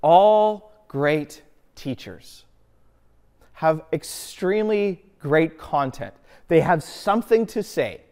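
A man's voice: fairly high pitch, animated, slow, darkish tone. A man preaching a sermon as a pastor, earnest, often asking himself a rhetorical question and answering it.

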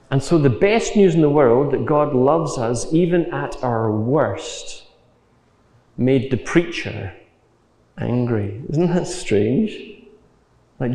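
A man preaching a sermon, telling the story slowly and acting out the quotes. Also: mid-range voice, darkish tone. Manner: unhurried storytelling with acted quotes. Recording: echoey hall.

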